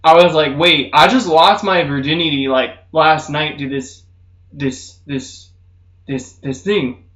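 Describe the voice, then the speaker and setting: A man's voice: steady tone, slow. Profane young man rambling "dude"-heavy stories. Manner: does loud high-pitched mocking voices in stories. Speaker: streamer. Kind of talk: casual storytelling chat. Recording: roomy, slightly muffled stream audio.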